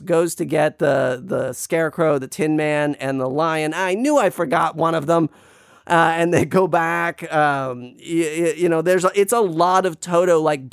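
A film reviewer with a slightly high voice casually reviews a movie, rambling with lots of fillers and restarts while griping in a wry, playful way. The audio is studio quality with no room sound.

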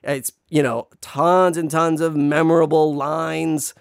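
A man's voice: fairly high pitch, level tone, slow pace, vocal fry, smooth, no echo, studio quality. Rambling man reviewing a film. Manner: rambling, full of fillers and restarts; wry, playfully griping. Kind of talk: casual movie review chat.

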